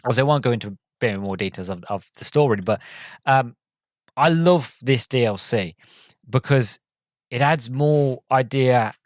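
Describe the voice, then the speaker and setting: A man's voice: medium pitch, moderate pace, no echo, clean studio sound. A man hosting a podcast, reviewing a game in a casual, rambling way full of ums and restarts, an enthusiastic fan. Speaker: podcast host.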